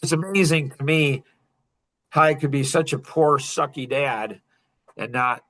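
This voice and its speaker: Bright-voiced man telling a coaching story. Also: on the high side, a little slow. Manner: animated storytelling with frequent laughs. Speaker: mentor leading a coaching group. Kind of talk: casual group coaching talk.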